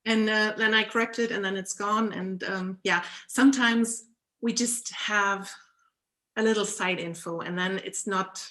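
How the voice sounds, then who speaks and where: A woman's voice: mid-range voice, fairly even intonation, unhurried, pushed and bright. A woman from Germany with a German accent, a guest coach talking casually on a video call, explaining with frequent laughs and ums. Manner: laughs often while explaining, with many ums.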